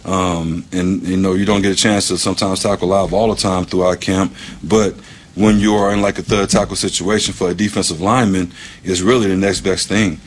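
A man, a football coach, answering interview questions in a measured way with plenty of ums and you knows. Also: low-pitched, level tone, a little hiss or hum.

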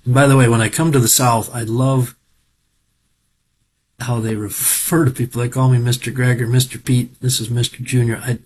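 A man's voice: mid-range voice, little pitch movement, moderate pace, a little mellow, slightly rough. A middle-aged man from Minnesota giving a rambling, folksy spoken report on farm equipment auctions, with lots of fillers.

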